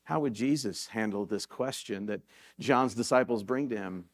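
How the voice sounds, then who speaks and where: A man's voice: on the low side, moderate pace. A man pastor giving a sermon in a church sanctuary, telling stories in a conversational way and rising into sudden emphatic peaks.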